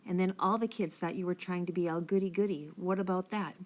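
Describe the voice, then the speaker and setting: A woman's voice: fairly low pitch, fairly even intonation, fairly quick, lightly acted. A woman reading the part of a young schoolboy who is frightened and full of anxious questions. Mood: curious.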